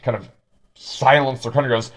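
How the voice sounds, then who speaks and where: A man's voice: mid-range voice, fairly even intonation, normal speed. A man narrating a tabletop game as game master, rambling with many fillers.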